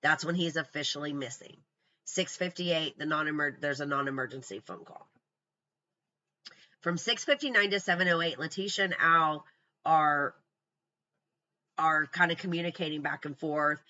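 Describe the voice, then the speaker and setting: Casual true crime commentator with a sharp, bright tone. Blunt and scornful, walks through notes. Lo-fi, muffled recording. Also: medium pitch, normal speed, pauses often. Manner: blunt, profane, scornful asides.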